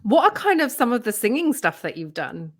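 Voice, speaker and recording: A woman's voice: fairly high pitch, sing-song, a little fast. A woman hosting a casual interview, responding with short supportive affirmations and questions. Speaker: podcast host.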